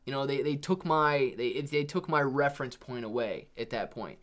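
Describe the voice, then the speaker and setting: A man's voice: mid-range voice, normal speed, fairly bright tone. A man hosting a live stream, reading viewer chat aloud in a rambling, laid-back way and calling people "dude" and "man". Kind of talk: casual livestream chat.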